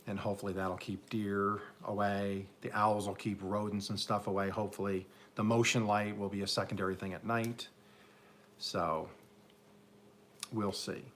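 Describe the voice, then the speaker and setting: A garden channel host with an upstate New York accent chats casually and jokes with viewers during a live stream from his home garden in Oklahoma. His lowish voice has a level tone, moderate pace, and fairly bright quality, with slight background noise. His manner is rambling and self-mocking as he jokes with the chat.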